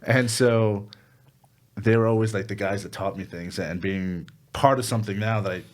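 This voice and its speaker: A man's voice: lowish voice, fairly even intonation, normal speed. A man who is an actor guest on a casual podcast, answering in a bashful, rambling way and laughing often. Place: podcast studio.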